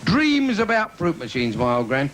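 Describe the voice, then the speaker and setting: A man doing bawdy stand-up cabaret patter on a theatre stage, with sudden squeaky asides. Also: wildly swooping pitch, moderate pace, fairly bright tone. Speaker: stand-up comedian. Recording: noisy 1980s live video.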